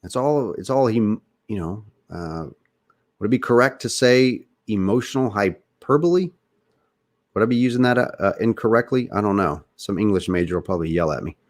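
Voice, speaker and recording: A man with a fairly low voice and a slight Southern US accent hosts a casual podcast. He talks earnestly and with firm opinions, addressing his listeners directly. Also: animated, moderate pace. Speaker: podcast host. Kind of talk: casual political talk.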